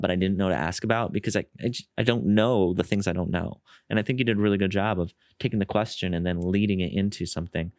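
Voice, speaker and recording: Male interviewer, earnest, rambling, low-ish voice, dry close sound. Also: no echo. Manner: earnest, self-deprecating, rambling. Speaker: podcast host. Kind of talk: casual interview chat.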